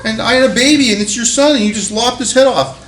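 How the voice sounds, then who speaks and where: A man's voice: extremely high pitch, quick pace, fairly bright tone, reverberant, voice pushed up, rough recording. A male lecturer voicing an exasperated goddess scolding her husband, in a raised, indignant tone.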